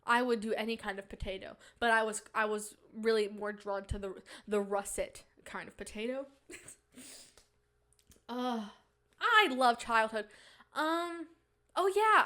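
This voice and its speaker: A woman's voice: on the high side, unhurried, pushed and bright. A woman hosting a podcast in casual, rambling chat, giggly, with playful mock-indignant rants. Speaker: podcast host.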